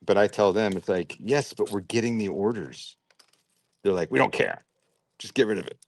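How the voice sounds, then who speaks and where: A man's voice: lowish voice, animated, normal speed. A man hosting a livestream, chatting casually and thinking aloud while he sorts and packs orders. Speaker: livestream host sorting and packing toy brick orders. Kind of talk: casual chat while working.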